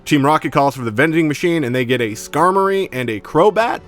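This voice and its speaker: A man's voice: a little high, animated, brisk, faint music behind. A man giving a casual, slangy episode recap as an anime reviewer, with profanity and lots of fillers.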